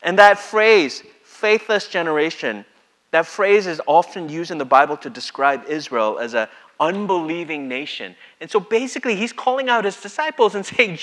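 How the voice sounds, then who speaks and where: A man's voice: fairly high pitch, normal speed. A man preaching a sermon in a conversational way, reading scripture and acting out the quotes. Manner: conversational, acts out scripture with lively voices. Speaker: pastor.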